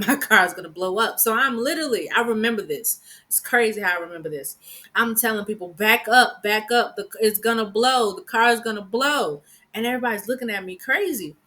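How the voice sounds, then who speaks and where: A woman hosting a podcast, recounting a personal story with a bright, clear voice. She talks in an animated way, laughs often, and briefly acts out the people she quotes. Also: medium pitch. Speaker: podcast host.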